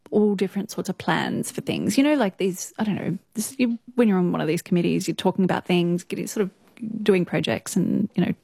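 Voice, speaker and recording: A young Australian woman, an interview guest and news presenter, tells stories in a casual interview, chatty, laughing often, and full of "like" fillers. Her medium-pitched voice has vocal fry and a darkish tone, captured in a dry, studio-quality recording.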